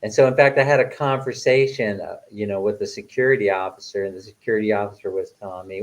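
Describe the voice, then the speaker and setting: A man's voice: on the low side, fast talker, hardly any pauses, rough recording. Retired guy in his 60s chatting on a livestream, lots of you-knows and laughs. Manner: chatty, laughs often, many fillers. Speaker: vlogger reading live chat. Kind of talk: casual live-stream chat.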